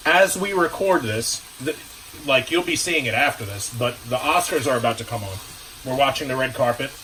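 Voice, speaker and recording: A man's voice: medium pitch, animated, normal speed, bright, forceful tone, a little hiss or hum, low-quality recording. A man hosting a playful cooking vlog in his home kitchen, riffing hyped wisecracks while he cooks. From Brooklyn, New York. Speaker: cooking show host.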